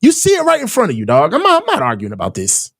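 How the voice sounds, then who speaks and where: A man hosting a live football reaction stream, ranting in exasperation with heavy slang and frequent shouting. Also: on the high side, huge pitch swings, quick pace, gravelly. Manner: shouts often in frustration. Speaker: sports reaction host. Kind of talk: live game reaction commentary.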